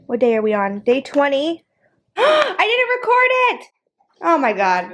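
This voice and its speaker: A young woman vlogger talking casually to camera, chatty and self-deprecating. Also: a little high. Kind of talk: casual vlog talk.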